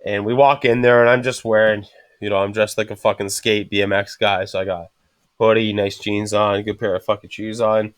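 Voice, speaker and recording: A man's voice: on the low side, fairly quick, no echo. A man hosting a casual podcast chat, swearing constantly and acting out the people in his stories as he tells them. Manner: swears constantly, animated storyteller acting out quotes. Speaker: podcast host.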